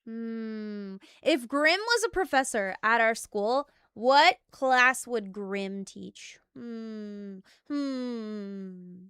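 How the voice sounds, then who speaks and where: A woman's voice: fairly high pitch, lively intonation, extremely slow, fairly bright tone, smooth, dry recording, studio quality. A woman streaming as a VTuber and chatting casually with her viewers, giggly and playfully bossy.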